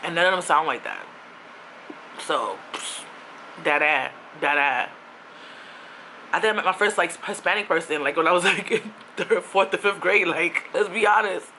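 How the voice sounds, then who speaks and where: A woman's voice: on the low side, expressive, moderate pace, long pauses, bright, forceful tone, a little hiss or hum. A young woman from Queens in New City, telling a rambling storytime with lots of asides. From New York City (Queens). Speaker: vlogger.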